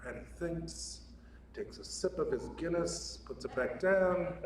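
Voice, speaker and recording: A man's voice: on the high side, lively intonation, unhurried, a little mellow. A man giving a casual, joking sermon at a spiritual center, chatty and often laughing. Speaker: guest speaker at a spiritual center. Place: large hall of a spiritual center. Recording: echoey hall, mic at a distance, faint room noise.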